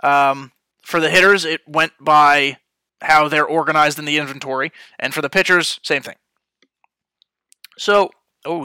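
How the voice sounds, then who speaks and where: Casual young male podcast host, off-the-cuff chatter, smooth bright tone, dry close sound. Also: a little high, fairly even intonation, measured pace, pauses often, dry recording. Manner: chatty, off the cuff, frequent fillers. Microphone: headphones and studio mic.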